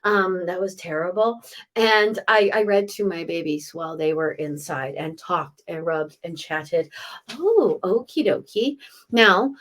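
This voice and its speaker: A middle-aged woman, a psychic medium, chatting through a live reading for viewers and passing on messages with quick asides. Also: fairly low pitch, level tone.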